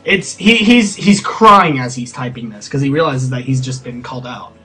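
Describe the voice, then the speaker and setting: A man in casual ranting commentary, sarcastic and halting, often repeating words as he starts a sentence. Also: mid-range voice, expressive, pushed and bright, breathy edge, soft background music.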